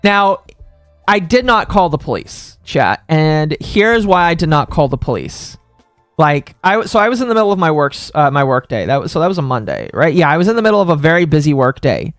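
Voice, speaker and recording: A man's voice: fairly high pitch, very animated, brisk, no room sound, faint music behind. A man hosting a live stream in a casual rant, heated and swearing, with frequent stammers and restarts. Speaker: stream host.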